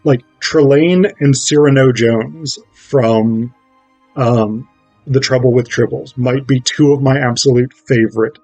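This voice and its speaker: A man's voice: mid-range voice, steady tone, unhurried, darkish tone, dry recording, faint music behind, low-quality recording. A man recapping a television episode at home, rambling with self-interrupting asides. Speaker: video essayist.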